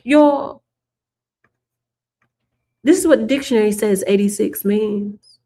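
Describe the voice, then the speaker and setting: A woman's voice: medium pitch, takes it slowly, warm tone. A woman hosting casual political commentary, sarcastic and emphatic, repeating her points for the viewers.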